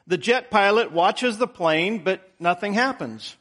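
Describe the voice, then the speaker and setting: A man who pastors a church, telling jokes and then preaching a sermon in a halting, reflective way. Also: high-pitched, fairly bright tone.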